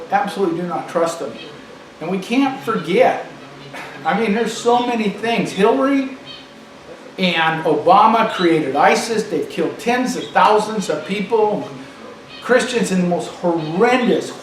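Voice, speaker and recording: A man delivering an emphatic political monologue, repeating phrases for stress, recorded far off in an echoey room with faint noise. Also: high-pitched.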